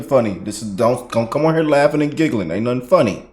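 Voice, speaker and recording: A man's voice: medium pitch, expressive, fast talker, a little mellow. A man hosting casual political commentary, folksy, laughing and calling his audience y'all. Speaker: commentary channel host.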